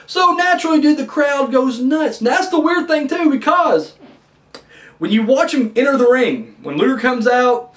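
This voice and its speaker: A young man talks through an old wrestling match in a casual, profane rant. His voice sits high and jumps around a lot. He is set back from the microphone in a roomy, echoing space. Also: far from the mic. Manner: ranting, profane, animated. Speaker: wrestling review host. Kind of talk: casual review commentary.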